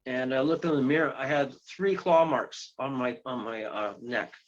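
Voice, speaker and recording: A man of ordinary pitch tells a long story as an interview guest. He rambles, restarts his sentences and breaks into excited exclamations. The recording sounds dull and lo-fi. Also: moderate pace. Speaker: guest, ghost tour guide and paranormal investigator.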